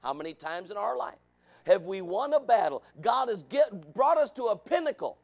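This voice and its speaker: A man preaching a sermon, asking the congregation questions and calling for amens, dropping to low asides and rising to shouted points. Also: very animated, normal speed, vocal fry. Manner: preaching with rhetorical questions and calls of amen.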